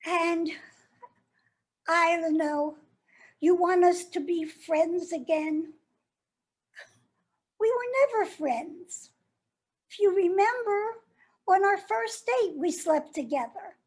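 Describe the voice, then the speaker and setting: A woman's voice: very high-pitched, slow, pauses often. An actress playing a jilted woman who turns bitter and sardonic as she addresses her former lover in a stage monologue. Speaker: actor performing a monologue.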